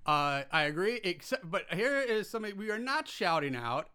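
A man's voice: high-pitched, very animated, moderate pace, hardly any pauses, bright, forceful tone, smooth. A young man hosting a podcast, chatting casually and breaking into profane, worked-up rants. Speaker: podcast host.

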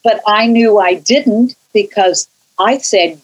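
A woman's voice: mid-range voice, measured pace, poor audio. An older woman from California, a church choir singer, recalling her musical upbringing in a rambling, conversational way with frequent restarts and tangents. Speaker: interviewee, church choir member. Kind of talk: casual conversational storytelling.

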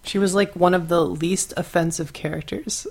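Here a podcast co-host talks at a moderate pace, her fairly low voice darkish and fairly even in intonation. She chats casually and rambles, often restarting and filling gaps.

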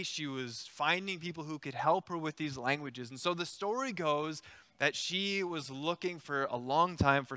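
A man preaching a sermon, retelling a story in a conversational, animated way with acted-out quotes. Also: a little high, clean tone, dry recording.

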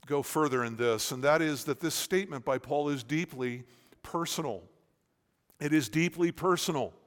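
A man preaching an expository sermon, swinging between forceful stressed words and quiet, searching questions. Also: on the high side. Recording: long reverb of a large hall.

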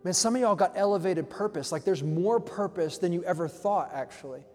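Young male pastor, slangy, dynamic sermon delivery, slightly high voice, reverberant hall sound. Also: brisk, soft background music. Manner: energetic preaching, swings from soft to loud.

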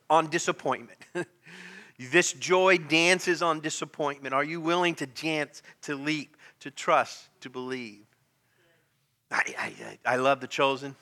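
A middle-aged male pastor delivers a lively sermon with a high, piercing, very bright voice. He laughs often and shifts between booming exclamations and near-whispered lines. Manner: animated, laughing often, swings from loud exclamations to quiet hushed lines.

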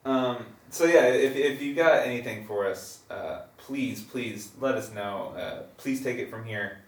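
Man, mid pitch, wry podcast banter, reverberant room, distant mic. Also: measured pace, slight background noise. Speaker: podcast co-host. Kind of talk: casual comedic chat.

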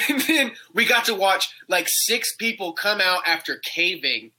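A young man in casual chat, telling an animated story, laughing often and swearing. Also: fairly high pitch, moderate pace, hardly any pauses, poor audio.

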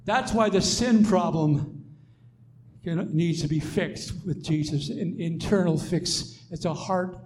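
A man preaching a sermon, emphatic and repetitive, swelling to loud declarations and dropping to soft asides. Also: high voice, takes it slowly, a little hiss or hum.

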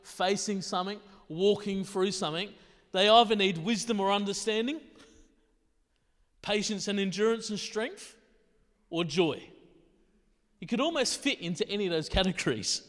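A man's voice: high-pitched, normal speed, pauses often, a bit bright. A man preaching a sermon in a conversational way, firing off rhetorical questions. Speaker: pastor. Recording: long reverb of a large hall.

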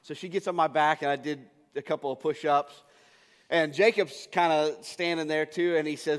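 A man gives a sermon as pastor, his voice sitting a touch high. He talks casually, often doubling back to restart his sentences. The sound rings with the long reverb of a large hall. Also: fairly even intonation, moderate pace. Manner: casual storytelling with frequent restarts.

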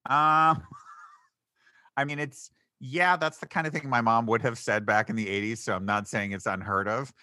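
Bright-voiced sarcastic male podcaster. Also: mid-range voice, steady tone, measured pace. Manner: sarcastic, nitpicky, laughs often. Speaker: podcast co-host. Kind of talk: casual chat recapping a TV show.

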